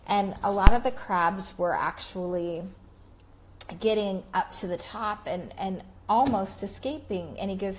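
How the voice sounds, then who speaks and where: Slow-talking woman coach. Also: medium pitch, slight background noise. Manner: slow, reflective with many fillers. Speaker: life coach. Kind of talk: Facebook Live talk.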